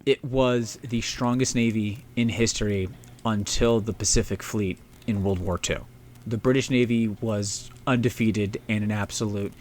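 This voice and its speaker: A man's voice: lowish voice, measured pace, slight background noise. A man co-hosting a casual comedic history podcast, swearing a lot and acting out historical figures in goofy voices. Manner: profane, animated, acts out characters in goofy voices. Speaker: podcast co-host.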